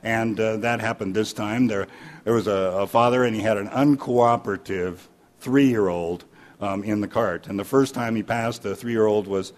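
A man's voice: fairly low pitch, fairly even intonation, normal speed. A man preaching a sermon in a folksy storytelling way, weaving jokes into scripture. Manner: folksy, anecdotal, with fillers and restarts. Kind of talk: sermon with humorous stories.

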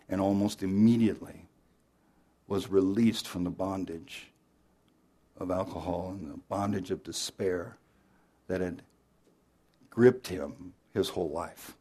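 A male pastor preaching an Easter sermon, telling a story dramatically and moving between loud emphasis and hushed, earnest appeals. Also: sits low.

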